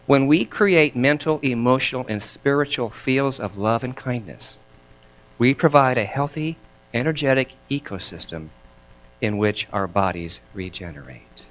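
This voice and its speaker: A man preaching a sermon as minister, chatty and lively, laughing between thoughts and leading his congregation in repeating lines. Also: mid-range voice, unhurried. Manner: leads the congregation in call and response.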